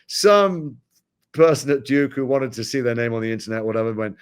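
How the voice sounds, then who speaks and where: A man from Britain, talking frankly and wryly as an actor guest in an interview. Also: medium pitch. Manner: animated, wry, frank, quick-talking. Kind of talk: candid interview conversation.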